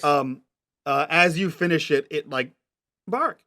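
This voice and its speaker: Slightly high-voiced male game master. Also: fairly even intonation, measured pace, pushed and bright. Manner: descriptive, patient, checks what players mean. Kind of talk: narrating a tabletop game.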